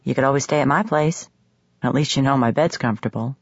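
Audiobook: woman reading a gruff, blunt firefighter, low husky tone, dry teasing. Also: fast talker, no room sound, heavily acted. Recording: slightly muffled audio.

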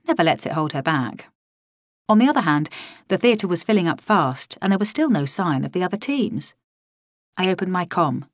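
A woman's voice: lowish voice, no room sound, studio quality. A woman narrating a first-person audiobook in a wry, dryly comic manner.

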